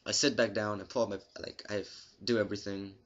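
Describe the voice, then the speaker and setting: A young man telling a long story to his camera in a rambling, profane, deadpan way. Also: lowish voice, quick pace, lo-fi sound. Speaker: vlogger.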